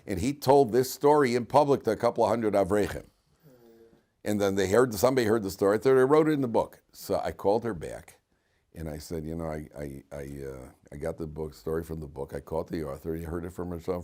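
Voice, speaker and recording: A man rabbi giving a storytelling Torah lecture to students, animated, dropping to quiet asides and then bursting out loud, teasing his listeners. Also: low-pitched. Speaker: rabbi teaching a class.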